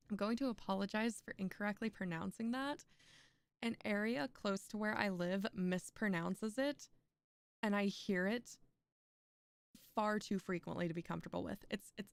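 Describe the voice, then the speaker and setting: A young woman reads poems aloud on a stream, slipping into chatty, laughing asides between them. Her voice is smooth and clear, mid-pitched, picked up close on a dry microphone with no room echo. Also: moderate pace. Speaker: streamer reading poetry aloud. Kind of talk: poetry reading with casual chat asides.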